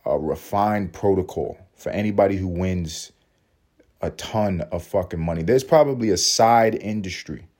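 Podcast host, male, deep register, loose and swearing, riffing at length with laughing asides. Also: moderate pace, a little mellow. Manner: profane, rambling rant with laughing asides. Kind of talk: casual comedic monologue.

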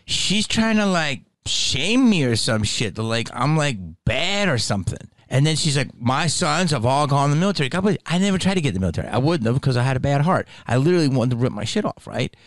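A man's voice: a little high, no room sound. A man hosting a podcast who reacts to a clip with blunt, profane, rambling opinions. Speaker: podcast host. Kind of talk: podcast commentary.

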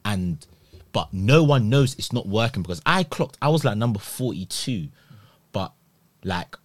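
Animated young man telling a story. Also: unhurried, no echo. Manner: animated, acts out others' voices, shifts pitch high when excited. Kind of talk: casual storytelling chat.

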